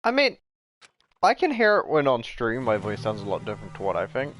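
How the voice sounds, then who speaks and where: A man's voice: mid-range voice, huge pitch swings, a little fast, a bit bright, faint music behind. Sweary man from New Zealand streaming. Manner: swears a lot, trips over words. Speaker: game streamer. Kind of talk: casual live-stream commentary and reading aloud.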